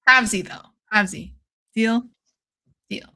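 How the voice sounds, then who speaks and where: Slow-talking bright-voiced woman streamer. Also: fairly high pitch. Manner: excitable, swears freely, says "dude" a lot. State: drinking shots while streaming. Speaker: livestream host. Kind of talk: casual watch-along chat.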